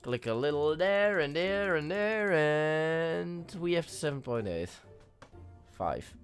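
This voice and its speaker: A man reading a story game aloud and commenting on it, rambling and hesitant while he sounds sick and hoarse. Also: on the high side, lively intonation, takes it slowly, faint music behind. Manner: rambling, hesitant, with many restarts and fillers. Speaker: gaming YouTuber playing a story game.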